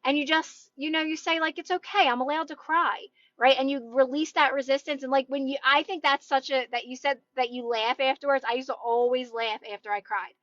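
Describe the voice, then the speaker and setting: A high-pitched woman talks viewers through her ideas in a friendly, encouraging way, often checking in with them. She streams live on a phone from her parked car. The sound is close and dry, and a little dull. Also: fairly even intonation, fairly quick, hardly any pauses, fairly bright tone, no echo. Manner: encouraging, chatty, often asks "right?". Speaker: manifestation coach streaming live. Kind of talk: casual live-stream motivational chat.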